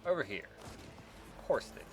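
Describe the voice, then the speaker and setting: A man giving casual commentary while playing a strategy game, muttering to himself wryly with sudden exasperated outbursts. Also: moderate pace. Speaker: strategy game let's-player. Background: game music.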